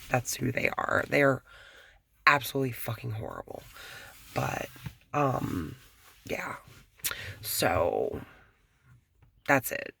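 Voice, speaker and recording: Gravelly, slow-talking woman vlogger. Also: extremely low pitch, very animated, dry recording. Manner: rambling and frank, swears, drops to a hush. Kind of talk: casual talk to camera. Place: apartment at home.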